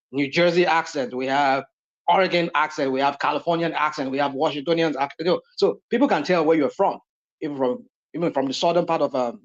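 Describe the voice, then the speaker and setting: A man from Nigeria speaking on a live online panel, rambling with many fillers and restarts. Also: mid-range voice. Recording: dull lo-fi audio.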